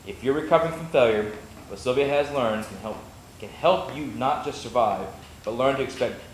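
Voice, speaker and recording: A man hosting a meetup, reading a speaker's introduction quickly, stumbling now and then and throwing in jokes. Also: mid-range voice. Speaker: meetup host. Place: meeting room. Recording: echoey room with faint noise.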